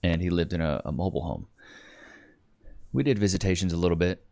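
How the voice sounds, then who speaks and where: A man's voice: sits low, a little fast, vocal fry. A man hosting a livestream podcast, telling a family story casually, doing voices and talking to the chat. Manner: animated storyteller who does voices and jokes with the chat. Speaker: podcast host.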